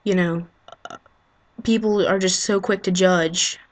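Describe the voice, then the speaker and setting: A woman speaks straight into a low-grade built-in webcam mic, her voice sitting on the low side and barely moving in pitch. She talks haltingly and with feeling, sighing often and filling gaps with ums and you-knows as she works out what to say. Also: steady tone. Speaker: vlogger. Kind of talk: unscripted heartfelt monologue to camera.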